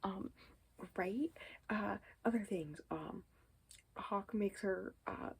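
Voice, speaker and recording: A woman's voice: mid-range voice, slow pace, creaky, slight background noise, rough recording. A woman chatting casually in a reading vlog, rambling and often dropping to a whispered aside, with many ums and anyways. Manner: says 'um' and 'anyways' often. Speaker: book vlogger.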